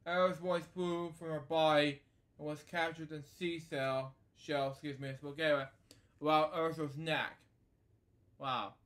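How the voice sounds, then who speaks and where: A man's voice: fairly high pitch, fairly bright tone. Rambling man reading a bedtime story. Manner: rambling asides, many fillers like "anyway" and "so there you go". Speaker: storybook reader and host. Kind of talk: casual storybook read-aloud with commentary.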